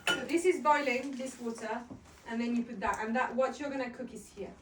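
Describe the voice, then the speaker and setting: A woman leads a hands-on workshop, talking a group through each step in a chatty, encouraging way. Her voice sits a little high, and she is heard from some distance in a roomy space with faint background noise. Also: a little fast. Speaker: herbalism teacher. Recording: roomy sound from a distant mic.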